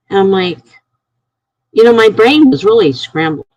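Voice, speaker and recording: A middle-aged woman casually telling a personal story on a live stream, rambling and halting with many restarts. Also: medium pitch, expressive, darkish tone, dry recording, dull audio.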